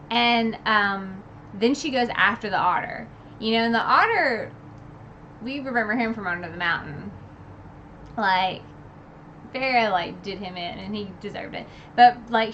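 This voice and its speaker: A woman's voice: mid-range voice, a bit bright, highs cut off, a little hiss or hum. A woman giving a casual, gushing book recap, full of "like" and "um". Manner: gushing, filler-heavy with many "like" and "um". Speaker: book reviewer.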